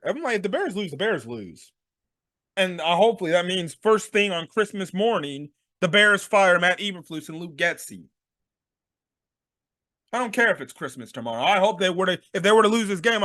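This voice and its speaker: A man's voice: high-pitched, normal speed, a bit bright, dry recording, studio quality. A man hosting a sports talk show, ranting through a game recap with exasperated rhetorical questions. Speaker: sports podcast host.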